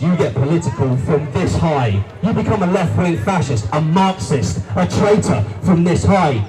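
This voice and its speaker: A man giving a rousing political rally speech, repeating lines and calling the crowd guys. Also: high voice. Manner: forceful, repetitive, rousing, addresses crowd as guys. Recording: distant voice with faint crowd noise.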